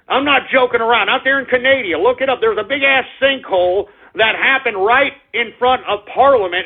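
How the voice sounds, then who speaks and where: A man with a high, husky voice rants on talk radio, crude and mocking, swinging from low grumbles up to shouting. The sound is thin and phone-like, as if it is coming down a narrow line. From United States. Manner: loud, crude, mocking rant with sudden shouting swells. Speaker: radio show host. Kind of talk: ranting talk radio monologue. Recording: phone-like narrow-band audio.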